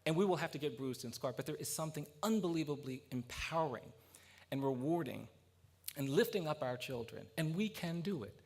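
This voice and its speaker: A man's voice: fairly high pitch, lively intonation, fairly quick. A man speaking at a policy roundtable, giving an earnest public speech with storytelling that builds to emphatic points.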